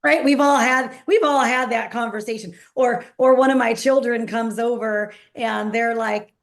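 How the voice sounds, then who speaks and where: A woman's voice: on the high side, steady tone, moderate pace. A woman podcast host with a Brooklyn accent, chatting casually and giving everyday examples. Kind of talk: casual interview chat.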